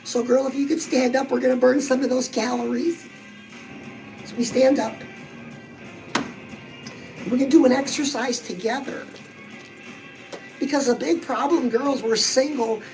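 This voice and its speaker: A woman's voice: high voice, steady tone, unhurried, vocal fry, pauses often, over music, rough recording. A woman coaching on fitness and weight loss in a bubbly, chatty, motivational way, talking straight to her listeners. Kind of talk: upbeat motivational vlog.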